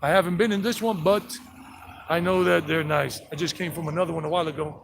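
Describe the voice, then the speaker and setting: A man from South Carolina and Georgia, USA, speaking with a Southern US accent, hosts a live-streamed walking tour on residential streets with passing traffic, greeting viewers and chatting in a rambling way. His fairly high, creaky voice stays steady in tone and moves fast, with a little hiss or hum.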